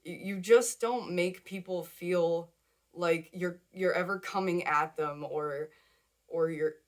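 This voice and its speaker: A woman's voice: on the low side, fairly even intonation, takes it slowly. A young woman giving a casual tarot reading to camera, chatty and emotional, repeating words and laughing often. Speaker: tarot card reader.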